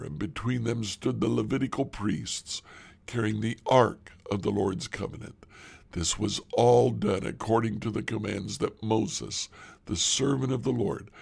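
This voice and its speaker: A man reads scripture aloud in a slow, measured delivery. His voice is low, heavily gravelly and husky, at times sinking to a breathy near-whisper. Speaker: scripture reader. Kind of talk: Bible reading.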